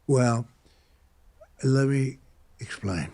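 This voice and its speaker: A man's voice: medium pitch, drawn-out words, dark tone. An older man giving rambling, repetitive interview answers on a podcast, often interrupting himself. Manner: meandering, repetitive, self-interrupting. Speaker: podcast guest.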